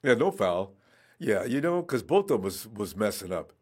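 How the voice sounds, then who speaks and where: A man reacting live to a football game, excitable, talking at the players on screen and trash-talking them. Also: lowish voice, normal speed, slightly rough. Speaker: football fan watching a game.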